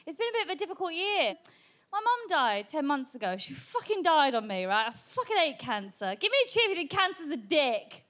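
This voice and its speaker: A woman's voice: fairly high pitch, sing-song, fairly quick, a bit bright. A woman doing brash stand-up, swearing and talking to the crowd. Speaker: stand-up comedian. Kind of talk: stand-up comedy.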